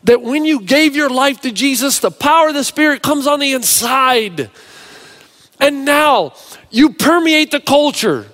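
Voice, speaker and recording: High-voiced man preaching a sermon. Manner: storytelling preacher, animated delivery with varied pace. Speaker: pastor.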